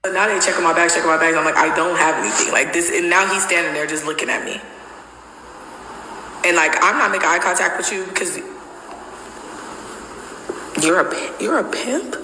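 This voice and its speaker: A woman telling a wild personal story in casual storytime style, animated and profane, acting out what people said. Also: on the low side, fairly quick, long pauses, a little hiss or hum. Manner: animated, profane, acts out quotes. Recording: echoey room with long reverb.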